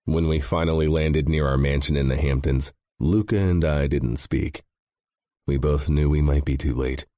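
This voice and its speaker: A man's voice: extremely low pitch, steady tone, normal speed, mellow, no echo, studio quality. A man narrating a first-person audiobook with a grim, intense delivery.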